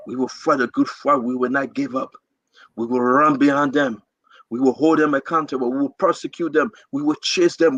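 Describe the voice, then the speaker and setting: A man with a Liberian accent and a medium-pitched, fairly bright voice hosts a livestream, delivering an impassioned political address to online viewers with rousing, repeated rallying cries. The audio is dull, with no room sound.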